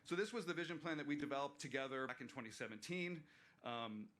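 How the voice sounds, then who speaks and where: Man, mid pitch, bright, earnest presenter at a community meeting. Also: fast. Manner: earnest, explanatory, with fillers and restarts. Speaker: park planner presenting. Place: waterfront venue, livestreamed meeting.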